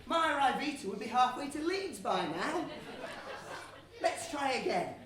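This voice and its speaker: Woman doing a daft panto lad, bouncy voice, far off in a booming theatre. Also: very animated, a little slow, a crowd in the background. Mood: playful. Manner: chummy, playful, rallying the audience. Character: Bree, a silly, cheese-loving young man. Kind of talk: stage pantomime, audience participation. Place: theatre stage. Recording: echoey theatre from far off, noisy.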